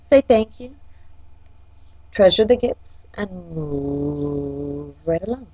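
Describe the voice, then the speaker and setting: A woman's voice: low-pitched, animated, slow pace, mellow, no room sound, lo-fi sound. A woman giving a casual, chatty horoscope forecast. She often checks in with "okay?" and talks directly to each sign. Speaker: astrology forecaster and life coach.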